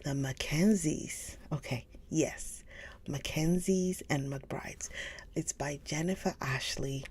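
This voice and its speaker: Low, gravelly woman chatting softly. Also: slow. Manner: chatty, gushing, often drops to a soft whisper. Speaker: livestream book reader host. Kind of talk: casual chat with live chat viewers.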